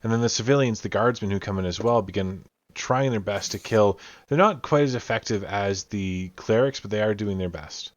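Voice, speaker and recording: A man with a fairly low voice runs a tabletop game as game master. He talks through each scene at length, with plenty of fillers. The sound is dull and lo-fi, and very dry. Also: moderate pace, few pauses, dry recording. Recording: dull lo-fi audio.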